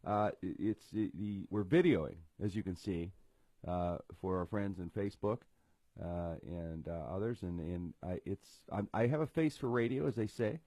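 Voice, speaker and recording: Middle-aged man, low and husky, self-deprecating comic host, dry close mic. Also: moderate pace, warm tone, dry recording. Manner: rambling, self-deprecating jokes with frequent restarts. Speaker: radio comedy show host. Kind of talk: casual comedic chat. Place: home studio.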